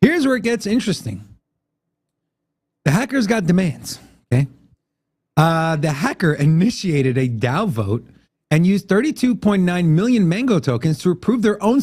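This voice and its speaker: A man's voice: sits high, darkish tone, husky. Chatty man running through crypto news. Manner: conversational, explaining and reading out quotes. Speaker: co-host. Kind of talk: casual news commentary.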